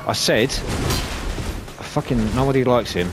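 A man commentating his own gameplay, swearing and shouting at enemies as he plays. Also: mid-range voice, slow pace, long pauses. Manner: sweary, excitable, talks to enemies. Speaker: gaming YouTuber. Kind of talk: let's play commentary. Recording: game music behind voice.

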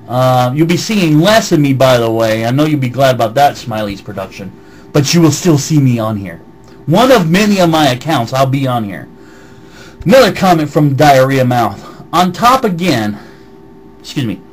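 A man's voice: mid-range voice, a little mellow, a little hiss or hum, poor audio. A man with a slight Southern American accent, ranting on a vlog and reading out comments in a heated, swearing voice. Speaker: vlogger. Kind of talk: angry vlog rant answering comments.

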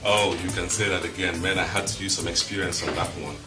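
A man's voice: low voice, level tone, quick pace, loud music behind the voice, lightly acted. A man playing a frank, brotherly Nigerian pilot. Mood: earnest. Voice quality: earnest, brotherly persuasion. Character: friendly frank senior pilot. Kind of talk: Nollywood film acting. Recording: roomy distant film audio with noise.

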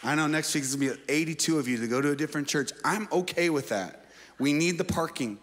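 A male pastor preaching a sermon, moving between shouted exhortations and playful asides. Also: fairly high pitch, fast, long reverb tail, a crowd in the background, background noise. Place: church auditorium.

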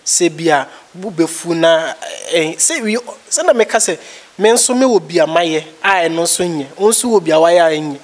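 A man's voice: a little high, lively intonation, moderate pace. A man with a Ghanaian accent giving his views in a casual chat, rambling and repeating himself. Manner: rambling, repetitive. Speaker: guest.

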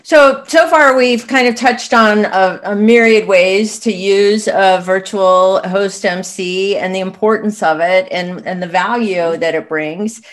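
A woman's voice: medium pitch, a little slow, few pauses. A woman hosting an interview, summing up points and then asking the next question in an affirming way. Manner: affirming, sums up then asks. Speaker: interviewer and show host.

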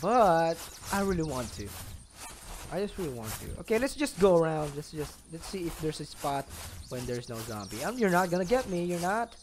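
A young man commentates his own gameplay with a very lively, up-and-down voice, often laughing and talking to the characters. A faint hiss sits under the recording. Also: a little high, moderate pace. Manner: excitable, talks to the game characters, laughs often. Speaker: gaming channel host. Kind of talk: solo let's play commentary.

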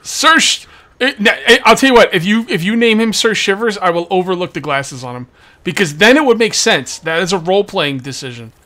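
A man's voice: high-pitched, lively intonation, brisk, fairly bright tone. A man hosting a gameplay channel, chatting casually and teasing his co-players during a multiplayer session. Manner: joking, teasing banter. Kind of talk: casual multiplayer game chat.

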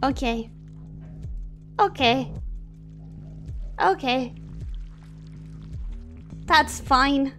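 A woman streaming a game, reacting excitably, swearing freely and answering her chat. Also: sits high, drawn-out words, long pauses, soft background music. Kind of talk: live gameplay commentary with chat replies.

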